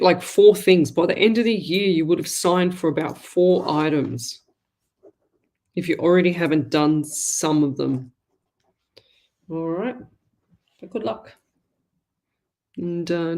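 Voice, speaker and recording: A woman's voice: low-pitched, darkish tone. Aussie lady psychic doing live readings, chatty and rambly, calls people lovey. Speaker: psychic medium host. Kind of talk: live online call-in readings.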